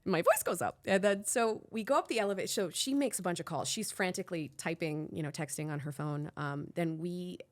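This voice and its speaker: A woman podcast host from Miami telling a candid anecdote, rambling and animated, full of "like" and restarts, blunt and profane. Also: fairly low pitch, a little fast, few pauses. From Miami, Florida.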